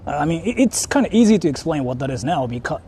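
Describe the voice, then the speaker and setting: A man's voice: a little high, very animated, fast, dark tone, a little hiss or hum. Young man swearing through a city vlog. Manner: swearing, laughing, repeating himself. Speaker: vlogger. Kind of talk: casual IRL vlog. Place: outdoors in a city.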